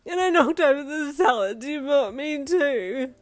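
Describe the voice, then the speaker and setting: In a fan fiction audio reading, a tearful teenage girl, voiced by a woman, sobs in a high, strained voice. Her words come out wailing and shaky. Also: animated, measured pace, no room sound. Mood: sobbing. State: crying.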